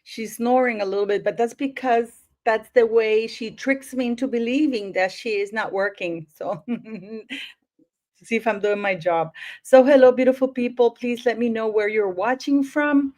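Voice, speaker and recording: A woman's voice: on the high side, normal speed, a little mellow. A woman hosting a casual livestream, chatting with viewers and greeting them by where they are watching from, with lots of fillers. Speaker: livestream host.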